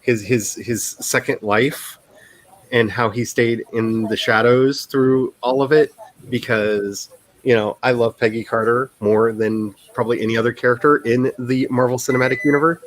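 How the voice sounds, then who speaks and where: A man chats casually while hosting a writing livestream. His voice sits in an ordinary middle pitch. He rambles and often laughs at himself. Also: fairly even intonation, normal speed, poor audio. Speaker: author hosting a writing sprint stream.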